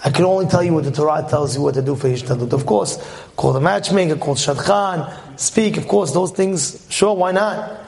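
A man speaking as a rabbi, giving a lively Torah talk with jokes, who acts out little scenes and keeps asking his listeners questions. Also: on the high side, moderate pace, vocal fry.

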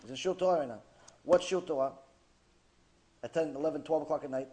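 Man, rabbi type, high voice, animated lecture storyteller. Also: a little fast. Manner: animated storyteller, acting out characters, swings from loud to hushed. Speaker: rabbi teaching a class. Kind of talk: sermon.

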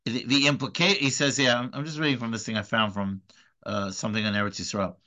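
A man teaching a religious study class in an informal lecture. He talks earnestly and with emphasis, often halting to repeat words and restart his sentences. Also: medium pitch, steady tone, pushed and bright.

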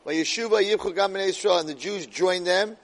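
High-voiced man teaching Torah dramatically. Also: brisk, rough recording. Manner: dramatic, swings loud and soft, weaves Hebrew verses into English. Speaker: Torah lecturer. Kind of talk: weekly Torah portion class.

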